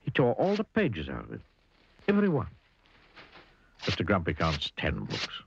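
A man reading a children's storybook aloud in an animated way, asking the listener questions. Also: sits low, moderate pace, creaky, dull audio, a little hiss or hum. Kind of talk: storybook read-aloud narration.

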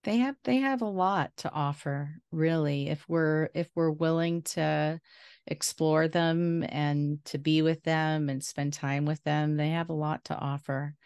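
A woman's voice: low voice, fairly even intonation, unhurried, a little mellow, clear, resonant tone, no room sound, studio quality. A woman hosting a podcast as a therapist in casual interview chat, thoughtful and agreeable.

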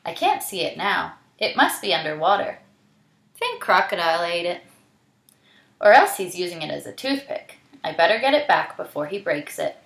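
A sly, lazy male spider trickster from a storybook, voiced by a woman, drawling and showing off. His voice climbs and dips a lot. A gravelly edge and a roomy echo hang around him. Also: fairly low pitch, big pitch swings, normal speed, a bit bright, pitched below the performer's own voice, full character voice. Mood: scheming.

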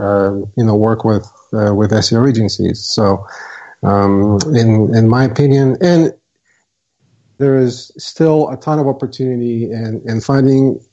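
A man with a mellow, relaxed voice explains his views in a measured, hesitant way, full of small fillers. The audio is dull and lo-fi. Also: fairly low pitch. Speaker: guest, software co-founder. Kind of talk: casual interview talk.

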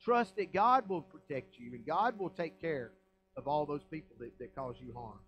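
A man's voice: a little high, lively intonation, moderate pace, fairly bright tone, soft background music, rough recording. A man with a Southern American accent, a pastor preaching a folksy, emphatic sermon full of rhetorical questions. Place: church sanctuary.

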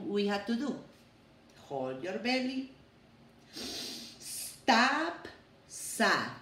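A woman teacher giving a lesson to young children, talking in a slow, exaggerated, sing-song way. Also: medium pitch. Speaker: preschool teacher. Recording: echoey room with faint hum.

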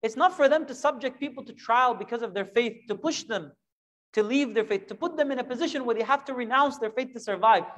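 A man teaching a Quran lesson, animated and full of rhetorical questions, now and then acting out imagined voices. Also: extremely high pitch, fast.

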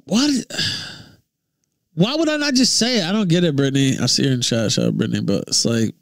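A man from Memphis, ranting profanely on his livestream, jumping between shouts and low mutters. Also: sing-song, fast, vocal fry, background noise. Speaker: livestream host.

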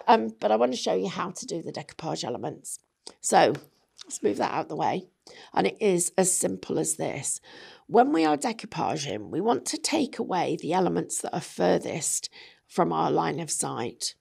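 A woman's voice: on the low side, very animated, moderate pace, vocal fry, a little mellow, slightly rough. A woman giving a chatty, jokey craft demonstration, often correcting herself as she goes. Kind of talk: casual product demonstration.

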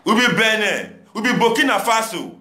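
A man's voice: high-pitched, very animated, normal speed, bright, forceful tone, echoey room. A young Nigerian man speaking Nigerian Pidgin English, exhorting his listeners in a passionate, repetitive monologue. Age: young adult. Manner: preachy, exhorting, repetitive rhetoric. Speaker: commentator addressing viewers. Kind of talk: impassioned monologue.

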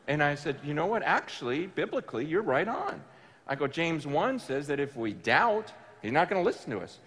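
A man preaching to a room, telling a personal story with animated, emphatic bursts of excitement. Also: fairly high pitch, normal speed, big-room sound. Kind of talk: storytelling sermon. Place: large room with an audience.

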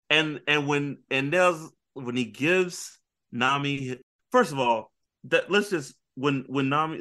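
A man co-hosting a casual pop-culture podcast, retelling anime scenes with lively storytelling and acted-out character lines. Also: mid-range voice. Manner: animated storytelling, acting out characters with big voice jumps. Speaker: podcast co-host.

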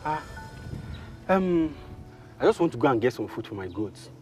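An actor with a Nigerian accent playing a village man in a hurry, hesitant and quick. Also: mid-range voice, very animated, darkish tone, soft background music, natural voice. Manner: fast, hesitant. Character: village man carrying a cutlass, hurried. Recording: distant outdoor mic.

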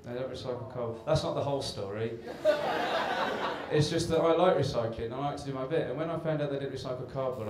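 Speaking quickly at a medium pitch, a man performs stand-up in a comedy club, spinning a meandering story at his own expense. The audio comes from a distant, echoey live recording with hiss.

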